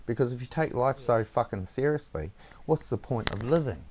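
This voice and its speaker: A man's voice: medium pitch, animated, moderate pace, a little hiss or hum. A man streaming a game, casually lecturing his listener in a rambling, swearing way with lots of "mate". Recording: dull lo-fi sound.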